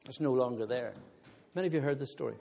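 A male preacher giving a sermon, telling a funny personal story in an animated way and often laughing as he talks to the congregation. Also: mid-range voice, quick pace, vocal fry. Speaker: visiting preacher.

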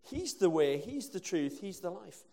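A man's voice: high voice, very animated, a little slow, vocal fry, mellow. Man preaching in a reverberant hall. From England. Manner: conversational, with asides and rhetorical questions. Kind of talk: sermon.

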